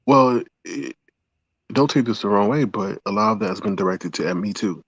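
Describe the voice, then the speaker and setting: A man joining a casual live-stream chat as a guest, answering in a measured way and laying out his points one by one. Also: lowish voice, husky, no room sound. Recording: dull, dry lo-fi audio.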